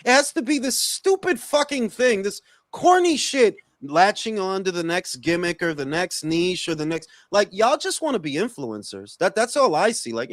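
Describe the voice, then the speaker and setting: A man hosts a boxing stream, ranting in a high, lively voice full of profane sarcasm. He trips over quick restarts as he builds steam. The sound is dry and close. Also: dry recording. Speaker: podcast host. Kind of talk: heated casual boxing talk.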